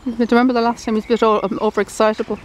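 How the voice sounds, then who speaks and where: A woman's voice: on the high side, level tone, very fast, highs cut off. Chatty woman talking to horses outdoors. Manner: chatty, repeats herself, coos and talks to the horses. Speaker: horse enthusiast vlogger. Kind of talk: casual commentary while filming horses. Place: outdoors at stud stables. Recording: outdoor camera audio with clear background noise. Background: outdoor ambience with horses and birds.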